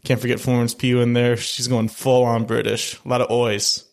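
Flat-voiced young man reviewing a film. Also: mid-range voice, normal speed, vocal fry. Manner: rambling, many fillers and restarts. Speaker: film podcast co-host. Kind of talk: casual film review chat.

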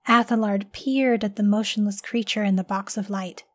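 A woman reading a scripted story aloud in an expressive, steady narration. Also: mid-range voice, moderate pace, no room sound.

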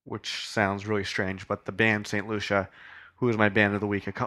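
Low-voiced man hosting a rambling podcast. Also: little pitch movement, normal speed. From Canada. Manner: rambling, profane, with frequent fillers; shaken and hushed. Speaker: podcast host. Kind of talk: casual solo podcast monologue.

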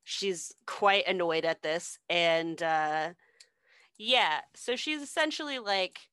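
Casual co-host, woman, slow loose storytelling, bright tone, swears freely. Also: on the low side, clean tone, dry recording. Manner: unhurried, loose, swearing, filler-heavy. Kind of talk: casual chat retelling a story.

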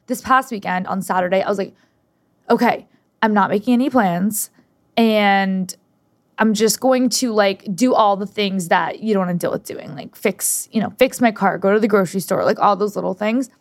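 A woman's voice: mid-range voice, normal speed, no room sound, clean studio sound. A woman in her twenties co-hosting a podcast, chatting casually and acting out quotes as she tells stories. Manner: animated storytelling, acts out quotes. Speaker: podcast co-host. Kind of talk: casual chat.

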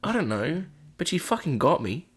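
A man's voice: fairly high pitch, very animated, normal speed, fairly bright tone, husky. A man co-hosting a casual podcast chat, swearing freely and telling anecdotes with quoted voices. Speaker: podcast co-host.

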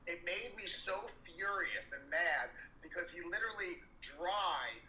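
Man, candid podcast co-host; tense, forceful voice; echoey room. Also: high-pitched, expressive, measured pace, a little hiss or hum. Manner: rambling, emphatic and profane, with many restarts and fillers. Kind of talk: candid casual chat.

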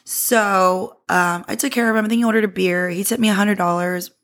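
A woman's voice: medium pitch, fairly even intonation, a little fast, a bit bright. A woman in her thirties hosting a podcast, telling a story from her own life in a casual, candid way and swearing freely. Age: 30s. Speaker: podcast host.

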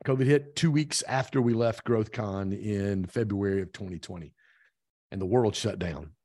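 Middle-aged male guest, low-pitched, dry close sound, animated storyteller who voices the dialogue. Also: normal speed, dry recording. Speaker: podcast guest, real estate team owner. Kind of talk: casual storytelling interview.

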